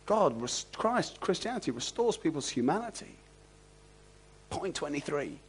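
A man preaching an expository sermon, animated and asking the congregation rhetorical questions. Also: fairly high pitch, measured pace, slightly rough.

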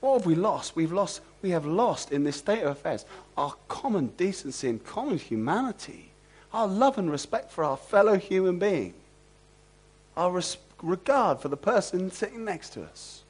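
Animated preacher man, rhetorical questions. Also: high voice, moderate pace, slightly rough. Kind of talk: expository sermon.

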